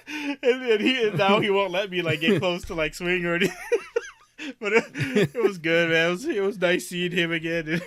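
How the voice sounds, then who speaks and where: A man's voice: sits high, wildly swooping pitch, normal speed, a bit bright, a little hiss or hum. A man co-hosting a film podcast, telling a rambling, profane story with frequent laughter. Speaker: podcast co-host. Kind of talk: casual chat, storytelling.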